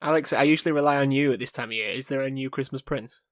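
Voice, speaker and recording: A man at an ordinary middle pitch, delivering blunt verdicts with a dry wit. He talks casually on a podcast, and the sound is close with no room sound. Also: fast talker, no echo. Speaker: podcast co-host. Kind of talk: casual chat.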